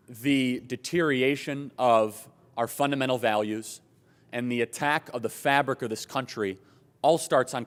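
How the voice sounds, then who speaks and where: A young man from Chicago giving an animated, joking and emphatic political speech at a conference. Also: medium pitch. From Chicago, USA. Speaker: conference speaker. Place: large hotel conference hall. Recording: long hall reverb.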